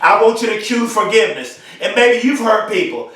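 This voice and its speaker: A man giving an emphatic motivational speech, repeating slogans and often shouting them. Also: high voice, animated, moderate pace. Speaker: motivational speaker. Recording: very echoey, from far off the mic.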